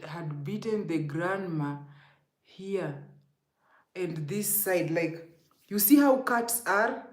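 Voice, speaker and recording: A woman's voice: on the low side, animated, slow, pauses often, reverberant. A Kenyan woman telling an emotional, rambling storytime to her viewers, often calling them guys. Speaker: vlogger. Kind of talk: storytime vlog.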